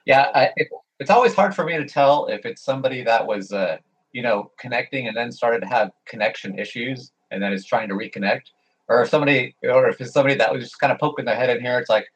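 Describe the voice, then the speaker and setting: A man's voice: mid-range voice, quick pace, breathy edge, poor audio. A man chatting casually in a group conversation, easygoing and thinking aloud.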